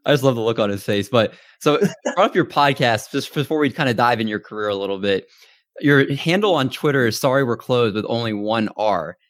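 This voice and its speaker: A man's voice: medium pitch, fairly quick, no echo, clean studio sound. A man hosting a casual sports podcast interview, upbeat, reading out stats and asking questions. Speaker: podcast host.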